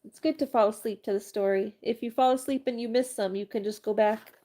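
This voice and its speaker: A woman's voice: fairly high pitch, fairly even intonation, brisk, dark tone. A woman reading a bedtime story aloud, breaking off for chatty, giggly asides.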